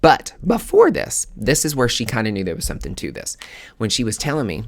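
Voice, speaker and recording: A man hosting his own show, telling a personal story in a casual, animated way, with swearing and dramatic asides. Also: mid-range voice, brisk. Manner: animated, profane, dramatic retelling. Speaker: podcast host.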